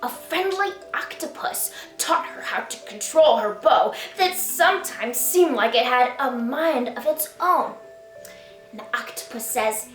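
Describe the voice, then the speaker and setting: High-pitched lady reading a kids' story, slow and sing-song, kinda echoey and far from the mic. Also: expressive, fairly bright tone, faint music behind. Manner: slow, sing-song and playful, invites kids to join in. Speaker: children's author reading her picture book. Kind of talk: storytime read-aloud for children.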